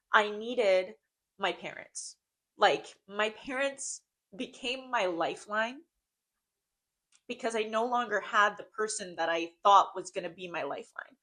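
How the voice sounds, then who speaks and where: A woman's voice: medium pitch, a bit bright. A young woman co-hosting a casual podcast, talking in a heartfelt way, repeating phrases and saying "like" often. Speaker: podcast co-host.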